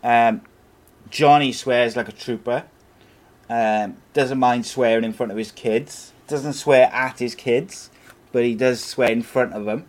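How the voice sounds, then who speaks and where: A man's voice: mid-range voice, fairly even intonation, unhurried. Man in his 40s, easygoing podcast co-host, loose storyteller with frequent laughs. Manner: rambling storyteller, laughs often. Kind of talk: casual chat.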